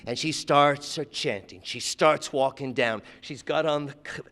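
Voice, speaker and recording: A man tells a story live on stage, his voice sitting a little high and moving from animated bursts down to near whispers. A long reverb trails his words, the sound of a hall. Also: unhurried. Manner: animated, acts out voices, drops to hushed tones.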